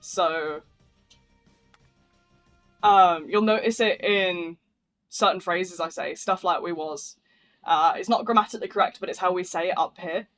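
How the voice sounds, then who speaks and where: A man with a thick northern English accent chats loosely with viewers while streaming a game, rambling, dropping slang and the odd swear. His voice sits notably high for a man, with faint music playing underneath. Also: measured pace, long pauses, a bit bright. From northern England. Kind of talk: casual live stream chat.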